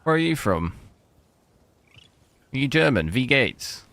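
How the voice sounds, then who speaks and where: A man's voice: mid-range voice, very animated, takes it slowly, vocal fry, a bit bright, dry recording. A young man from the south coast of England with a southern English accent, chatting casually with his stream chat while playing a game. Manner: chatty, answers chat with jokey asides. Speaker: gaming streamer. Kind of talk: casual live gameplay commentary.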